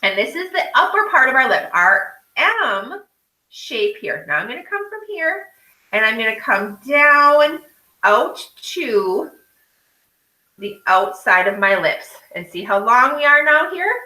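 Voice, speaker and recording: A woman's voice: fairly high pitch, big pitch swings, a little slow, pushed and bright, reverberant, poor audio. A woman art teacher guiding children through a drawing step by step, often checking in with "okay?".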